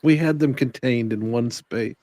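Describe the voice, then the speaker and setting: A man's voice: mid-range voice, moderate pace, darkish tone, dry recording. A man hosting a casual podcast chat, wry and joking.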